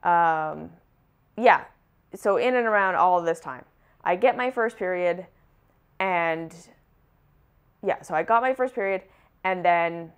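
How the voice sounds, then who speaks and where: A woman's voice: lowish voice, slow, pauses often, clean tone. A young adult woman telling her personal story to camera in a candid, conversational way, full of casual fillers. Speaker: wellness vlogger.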